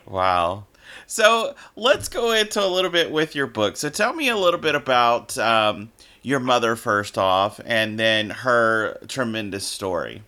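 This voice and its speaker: Slow-talking, bright-voiced man host. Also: medium pitch, big pitch swings. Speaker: interview host. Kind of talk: casual interview talk.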